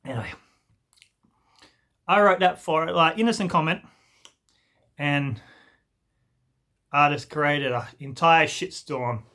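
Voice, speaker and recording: A young man rants through a storytime vlog, rambling and swearing as his irritation spills over. His voice is bright and forceful and sits a bit high for a man. He keeps slipping into mocking impressions of the people he is complaining about. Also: slow, long pauses. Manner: exasperated, rambling, swears freely, mocks others in put-on voices. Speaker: vlogger. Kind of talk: ranting storytime monologue.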